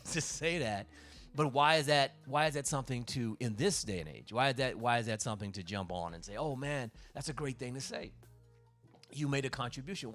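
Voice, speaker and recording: A man speaking at a middle pitch, a comedian riffing through a casual livestream monologue. He talks with force and swears freely. He circles back and restarts his thoughts as he goes, over faint background music. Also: a bit bright. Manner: profane, emphatic, rambling with restarts.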